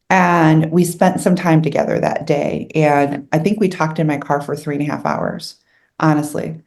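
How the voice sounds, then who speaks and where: A middle-aged woman speaks in a somewhat low voice, recounting her own life as an interview guest. She talks in an earnest, candid way and turns emotional while remembering difficult times. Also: fairly even intonation, normal speed, a little mellow. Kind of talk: personal storytelling in an interview.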